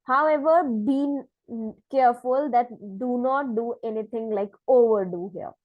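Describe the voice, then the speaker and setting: Higher-voiced woman giving exam tips. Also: unhurried, no echo, muffled recording. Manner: explaining, with frequent "right?" checks and self-corrections. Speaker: IELTS teacher. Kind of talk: lecture-style exam tips.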